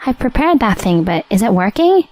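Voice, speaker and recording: A woman voicing a high-pitched, scheming young mistress speaking over the phone, eager and gushing. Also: very animated, normal speed, a little mellow, no echo.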